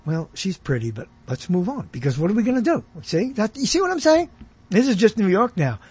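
A man with a husky, fairly high voice that rises and falls a lot as he talks. He thinks aloud in a bemused, off-the-cuff way and reads comments out as he goes. His commentary comes across as casual and curious. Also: sing-song, brisk, darkish tone. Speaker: host browsing live streams.

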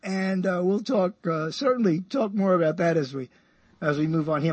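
Radio host, man, 60s, high and husky, chatty, self-amused rambler who chuckles a lot. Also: normal speed, a little mellow, no room sound.

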